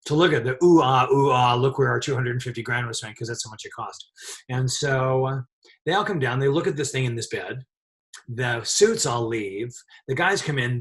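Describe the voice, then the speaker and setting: A middle-aged man, a set dresser, telling a lively anecdote in an interview and laughing often as he talks. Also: mid-range voice.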